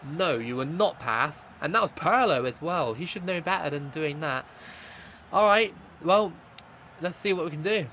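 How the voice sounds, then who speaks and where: A young man streaming a football game, chatting with viewers and reacting loudly to the play, on a slightly dull lo-fi mic. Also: on the high side, lively intonation, normal speed, slight background noise. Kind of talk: live gaming stream commentary.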